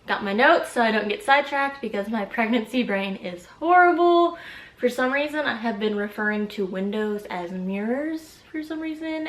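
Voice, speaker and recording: A woman's voice: on the high side, a bit bright. A woman in her twenties chatting casually and giggling in a pregnancy update vlog, a little out of breath. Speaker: vlogger. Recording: echoey room.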